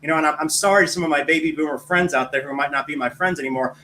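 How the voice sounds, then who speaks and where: A man speaking as a guest on a talk show, in a bright, fairly high voice. He talks bluntly and outspokenly and then apologizes for what he said. Faint noise sits beneath the recording. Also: racing, rough recording. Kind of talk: casual political chat.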